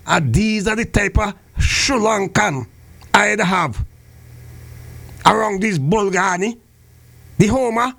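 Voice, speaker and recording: A man hosting radio, telling animated comic stories and laughing. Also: sits high, slow pace, vocal fry, long pauses. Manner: animated, laughing, acting out scenes.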